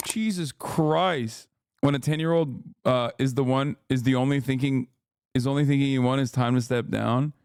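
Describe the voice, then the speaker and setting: A man's voice: mid-range voice, steady tone, fairly quick, darkish tone, clear, resonant tone, no room sound, clean studio sound. A man in his thirties, a streamer reacting live with loose, joking commentary and frequent laughs.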